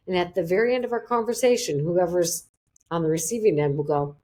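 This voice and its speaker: A middle-aged woman psychologist speaks as a podcast guest, her voice sitting a little low for a woman. She is animated and slips into the voices of the people she quotes. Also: fairly quick. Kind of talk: podcast interview.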